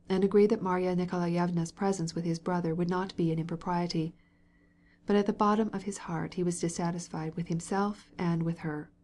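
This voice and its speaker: A woman narrates a classic novel in a measured, even storytelling voice. Her tone is somewhat low-pitched and steady, suited to a long audiobook reading. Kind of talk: scripted narration.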